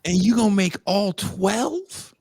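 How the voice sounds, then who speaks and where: A man's voice: sits high, expressive, slow, vocal fry, darkish tone, no room sound, clean studio sound. A man with a Californian accent, co-hosting a casual podcast chat and ranting with profane mock outrage. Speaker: podcast co-host.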